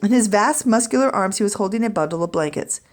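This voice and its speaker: A woman teacher reading a chapter of a children's book aloud to her students in a clear, expressive storytelling voice. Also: medium pitch, quick pace.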